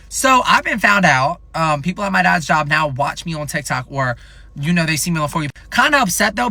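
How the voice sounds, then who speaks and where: A young man in his twenties spins a rambling storytime vlog, animated and full of profanity. His voice sits a touch high and comes across bright and forceful. The recording is close and dry, with no room sound. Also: no room sound. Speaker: content creator.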